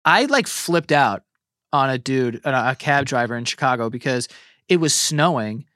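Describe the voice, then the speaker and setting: A man co-hosting a podcast, telling animated stories in casual chat and swearing often. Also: mid-range voice, normal speed, no echo, studio quality. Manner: animated storytelling, heavy swearing. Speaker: guest co-host.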